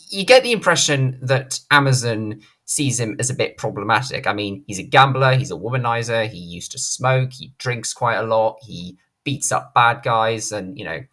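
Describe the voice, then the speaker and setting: A man's voice: lowish voice, expressive, normal speed, sharp tone. A man hosting a commentary channel, giving a blunt, indignant opinion monologue and swearing freely. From Britain. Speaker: channel host, film commentator.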